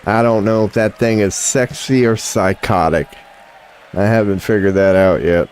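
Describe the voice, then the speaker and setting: A man's voice: fairly low pitch, fairly even intonation, normal speed, a little mellow, clean tone. A man hosting a livestream and giving joking, trolling reaction commentary with drawled asides. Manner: crude, joking, trolling banter; drawling interjections like "come on now, man". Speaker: livestream host.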